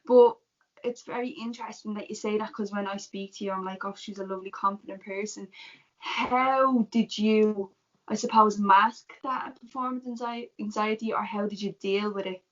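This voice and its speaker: A woman's voice: medium pitch, fairly even intonation, moderate pace, a bit bright. A young woman with an Irish accent hosting a podcast interview, sympathetic and affirming, summing up her guest's points. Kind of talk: supportive interview chat. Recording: dull lo-fi sound.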